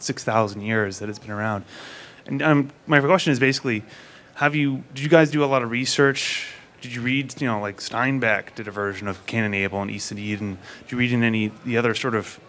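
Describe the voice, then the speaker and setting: A man's voice: medium pitch, fairly bright tone. A man from the audience asking a long, hesitant question at a film panel. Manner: wordy, hesitant.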